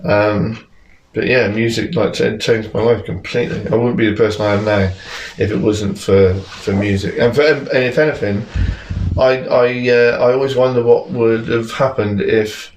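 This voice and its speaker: A man's voice: on the low side, fairly even intonation, normal speed, slight background noise. A young man, a musician guest, telling candid, rambling stories in casual podcast chat and swearing freely. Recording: roomy echo.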